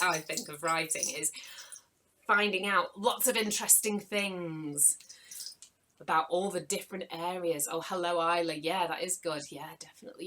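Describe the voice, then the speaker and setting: Woman workshop host for young kids, bright voice, lowish pitch, chatty and encouraging. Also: rough recording. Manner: chatty and encouraging, reading out viewers' names. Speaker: children's author running a live workshop. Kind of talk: live online children's workshop.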